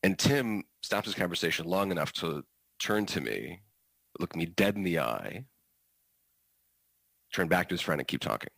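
Male teacher, very low voice, understated storyteller, dry recording. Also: lively intonation, normal speed, creaky, pauses often, a bit bright, no echo, low-quality recording. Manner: dry, understated delivery with fillers. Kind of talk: storytelling performance.

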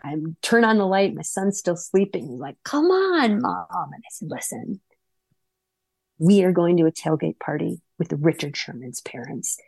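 Woman, 40s, from Wisconsin, animated storyteller, slightly low voice, dry close recording. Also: gravelly, no echo. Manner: animated, acts out her own and others' lines in quick bursts. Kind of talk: personal story told to an audience.

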